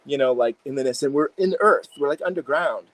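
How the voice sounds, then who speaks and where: A man, an integration psychologist, telling animated stories in a casual interview with many fillers. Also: medium pitch, a little fast, no room sound, poor audio.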